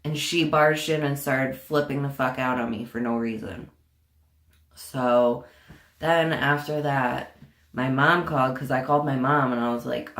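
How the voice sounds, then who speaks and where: A woman's voice: very deep voice, a little slow, fairly bright tone. A young woman telling a storytime vlog in a casual, profane and indignant way, full of sarcasm. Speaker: vlogger. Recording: echoey room.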